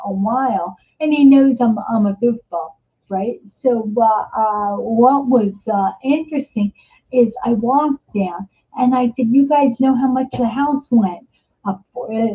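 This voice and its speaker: A middle-aged woman hosting a live interactive show, telling stories in a casual chat, often repeating words and stammering. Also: a little high. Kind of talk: casual live-stream chat, reading viewer comments. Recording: dull lo-fi stream audio.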